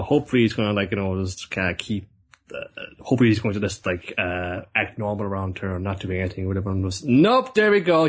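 A man chatting casually, retelling an episode in a rambling way with quick put-on voices. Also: lowish voice, fairly bright tone, husky. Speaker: podcast co-host recapping an anime. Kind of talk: casual chat.

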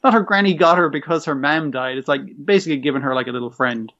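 Guy slightly high voice, swears a lot, bits of character voices, dull lo-fi sound. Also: bright, forceful tone. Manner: swears a lot, acts out characters' lines in quick bursts. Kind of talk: casual chat recapping a show. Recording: muffled lo-fi recording.

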